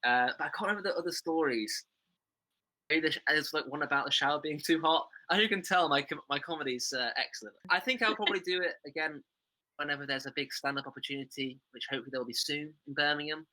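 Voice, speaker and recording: A man's voice: a little high, fast talker, sharp tone. A man talking casually as a comedy podcast guest, rambling and self-deprecating with many fillers. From England.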